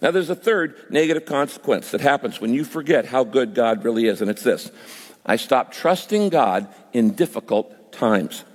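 A male pastor preaching a sermon, telling a personal story with quoted prayers and lively shifts in pitch. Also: normal speed. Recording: long hall reverb.

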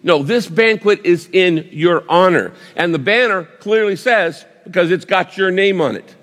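A male pastor delivers a sermon as vivid storytelling, breaking off and restarting as he builds the scene. His voice sits fairly high for a man, and long reverb trails each phrase as in a large hall. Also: normal speed, fairly bright tone.

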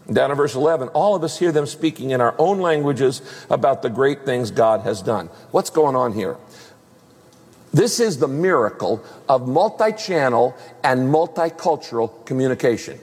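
A male pastor delivering a lively sermon, acting out the voices of the people he quotes. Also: on the high side, normal speed, husky. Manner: animated preaching, acts out quoted voices. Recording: long hall reverb.

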